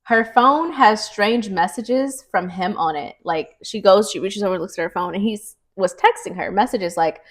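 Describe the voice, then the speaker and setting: A woman's voice: mid-range voice, moderate pace, hardly any pauses. A young woman co-hosting a podcast, chatting animatedly as she retells a thriller's plot. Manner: chatty, animated storyteller, many "like" fillers. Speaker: podcast co-host. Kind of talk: casual book recap chat.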